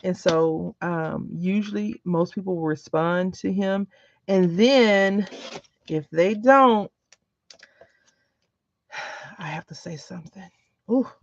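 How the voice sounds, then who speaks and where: Chatty woman crafter with gravelly voice. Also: on the low side, slow pace, long pauses. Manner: chatty, rambling, tells anecdotes. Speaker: crafting vlogger. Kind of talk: casual chat while crafting. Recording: dull lo-fi recording.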